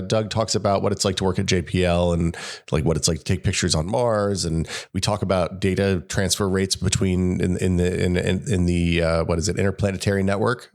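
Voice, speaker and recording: A man co-hosting a podcast while sick, his voice gravelly and hoarse. He rambles casually, restarting sentences and joking at his own expense. His pitch sits very low. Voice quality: gravelly, deep. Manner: rambling, self-deprecating, many restarts. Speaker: podcast co-host. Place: room at home.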